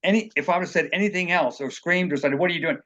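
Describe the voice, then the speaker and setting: Racing along at a fairly high pitch, a bit bright, this man is heard on dull audio. Interviewed as an author, he recounts personal tales in an earnest, rambling fashion, acting out quoted speech.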